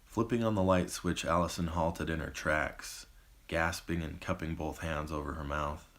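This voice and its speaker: A man, the author, reading his own novel as measured audiobook narration. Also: extremely low pitch, a bit bright. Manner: measured storytelling.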